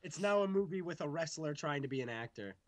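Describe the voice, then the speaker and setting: A man's voice: fairly high pitch, expressive, fast talker, no echo. A young man co-hosting a casual podcast, joking around loosely and swearing freely. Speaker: podcast co-host.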